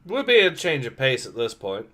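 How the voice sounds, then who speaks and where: A man's voice: medium pitch, huge pitch swings, moderate pace, a bit bright. A man hosting a casual comic book reading livestream, blunt and sarcastic in his remarks. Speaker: livestream host.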